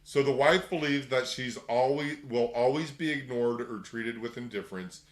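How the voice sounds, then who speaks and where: A middle-aged man leads a workshop in an easygoing, conversational way. His voice sits at an ordinary middle pitch and carries a noticeable room echo. Now and then he slips into quick put-on voices to act out little scenes. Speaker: workshop teacher. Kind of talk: casual spoken lecture. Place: room with a group.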